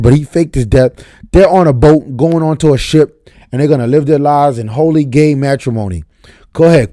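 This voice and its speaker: A young man from the New York area, a TV review vlogger, rants casually and emphatically about a TV episode, swearing freely, at home late at night. His voice is fairly high and mellow, and the recording is dry.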